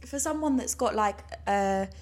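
A husky-voiced young woman chats easily as a podcast co-host. She talks in loose runs that trail off and restart. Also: medium pitch, moderate pace, darkish tone. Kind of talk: casual chat.

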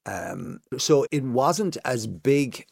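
A middle-aged man talking casually as a guest and telling animated stories about his old working hours. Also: extremely slow, gravelly, no room sound, studio quality. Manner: animated storyteller, jumps high to mimic others. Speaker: guest, former breakfast TV presenter. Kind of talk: casual chat.

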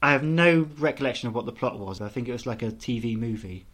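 A man in his thirties trades stories on a podcast in a steady, mid-range voice. He talks in a chatty, teasing way. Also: medium pitch, fast talker. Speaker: podcast co-host. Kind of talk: casual chat.

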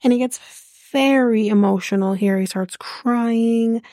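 A woman's voice: on the high side, unhurried, dark tone, no room sound, clean studio sound. A woman hosting a podcast, recapping a reality show in a blunt, profane, ranting chat.

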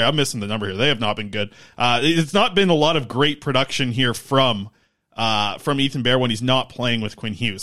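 A man's voice: mid-range voice, a bit bright. A man co-hosting a casual sports podcast, working through stats and contract numbers. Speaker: podcast co-host.

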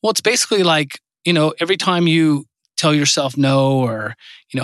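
A man's voice: fairly high pitch, moderate pace, a bit bright, no room sound. A man hosting a podcast, talking earnestly and encouragingly in casual chat, with many fillers. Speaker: podcast host.

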